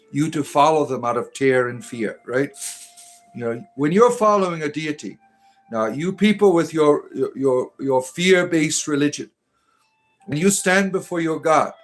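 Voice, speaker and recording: A man's voice: on the high side, normal speed, faint music behind. A man hosting a livestream, reading chat aloud and answering with crude, sarcastic humor and preachy rants.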